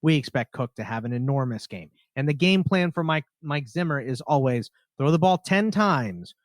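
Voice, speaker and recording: A man's voice: medium pitch, expressive, moderate pace, no room sound, studio quality. A man co-hosting a fantasy football podcast, talking casually and joking about picks. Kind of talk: casual sports talk.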